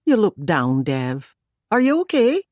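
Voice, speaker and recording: A woman voicing a calm female producer with a lilting Irish accent. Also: on the low side, a little slow, no echo, clean studio sound, voice pushed up, exaggerated voice. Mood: friendly.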